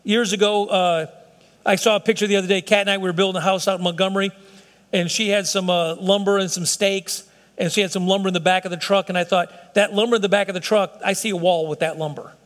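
High-voiced man preaching in a reverberant church. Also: steady tone, fast talker, a bit bright. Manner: emphatic, conversational preaching with acted-out quotes. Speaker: pastor. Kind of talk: sermon. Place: church sanctuary. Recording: long reverb of a hall.

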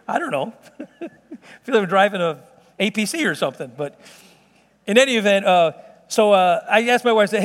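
High-voiced man preaching in a hall. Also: fast talker. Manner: animated storytelling with laughs and exclamations. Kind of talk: sermon testimony. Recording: hall reverb.

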